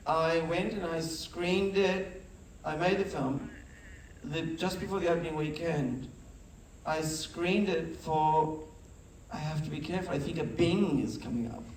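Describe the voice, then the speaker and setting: A middle-aged film director with a somewhat high voice speaks at a measured pace, telling stories on stage at a festival conversation and animatedly acting out quotes. The mic picks him up from afar in a large, echoey festival hall with an audience, with a little hiss or hum.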